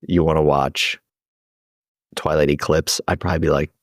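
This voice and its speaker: A man's voice: a bass voice, level tone, normal speed, no room sound, studio quality. A young man co-hosting a podcast in casual chat, laughing often as he retells scenes. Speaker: podcast co-host.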